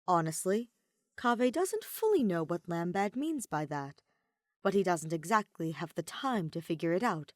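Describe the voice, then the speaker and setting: A woman narrating fan fiction as an audiobook, in a measured, reflective read. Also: lowish voice, big pitch swings, no room sound, studio quality. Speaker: podfic reader.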